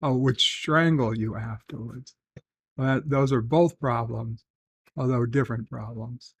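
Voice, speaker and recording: A middle-aged man hosting a casual livestream. He reads chat messages aloud, then answers softly with dry, rambling humor. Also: mid-range voice, measured pace, a little hiss or hum. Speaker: livestream host reading chat.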